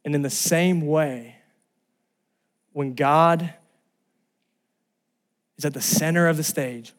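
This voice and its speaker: A man from Los Angeles preaching a sermon, telling a personal story and rising to loud exclamations. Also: on the high side, slow. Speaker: pastor.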